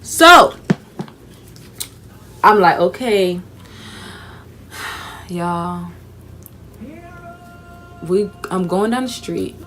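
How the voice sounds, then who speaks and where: A young woman with features, telling a casual storytime vlog in a chatty, animated way, sounding tired. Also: lowish voice, extremely slow, long pauses, soft background music. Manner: chatty, animated storytelling with frequent fillers and asides. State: tired, sleepy. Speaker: vlogger.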